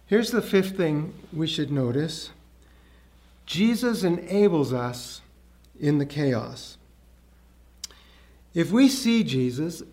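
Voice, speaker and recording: A man preaching a sermon, earnest, raising his voice for emphasis. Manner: earnest, rises in pitch and volume for emphasis. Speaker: pastor.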